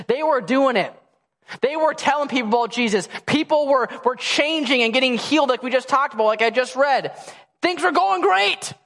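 A man's voice: very high-pitched, fairly bright tone. Man preaching in a reverberant hall. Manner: storytelling, playful and self-mocking; acts out a baby's and a toddler's demands. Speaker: pastor. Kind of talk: sermon. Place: church hall before a congregation. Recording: long church hall reverb.

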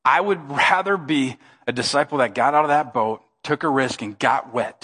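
A male pastor, preaching an emphatic, animated sermon. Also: mid-range voice, moderate pace, few pauses. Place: church sanctuary. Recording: reverberant church hall.

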